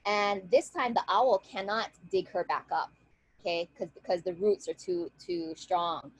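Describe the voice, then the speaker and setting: Her mid-range voice is slightly rough and a little slow as she casually retells a legend over a video call, often asking her listeners "right?" She's a lively, conversational storyteller and guest speaker. The recording is dry and rough.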